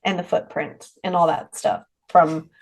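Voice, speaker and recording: A woman's voice: fairly low pitch, steady tone, measured pace, creaky, poor audio. Rambling woman chatting as a podcast guest. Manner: rambling, with many restarts and trailing clauses. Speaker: haunted rental owner, podcast guest. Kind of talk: casual interview chat.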